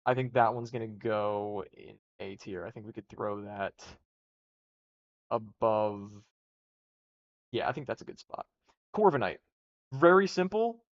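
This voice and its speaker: A man's voice: lowish voice, animated, a little slow, long pauses. A young man streaming live, talking casually and rambling through rankings with restarts and swearing. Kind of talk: casual livestream commentary. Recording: dull lo-fi stream audio.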